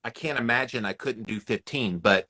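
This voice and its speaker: Male podcast host, jokey and emphatic, crisp bright delivery. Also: medium pitch, moderate pace. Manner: jokey, emphatic, playful asides. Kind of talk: casual podcast conversation.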